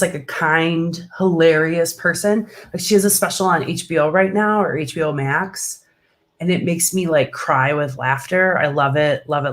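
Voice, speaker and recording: Chatty woman stand-up comic as interview guest, gushing, filler-heavy, laughs easily. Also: low-pitched. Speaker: comedian guest. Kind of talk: casual interview chat.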